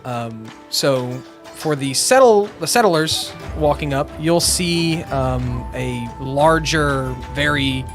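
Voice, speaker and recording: Rambling game master, casual narration. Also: male voice, mid-range voice, slow, few pauses, soft background music. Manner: casual, rambling, many fillers.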